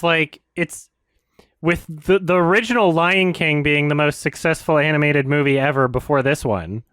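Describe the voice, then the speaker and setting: A man with a bright, sharp voice complains about a film in casual, profane terms. He is sarcastic and exasperated, and the sound is dry and close with no room behind him. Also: on the high side, no room sound. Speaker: video commentator.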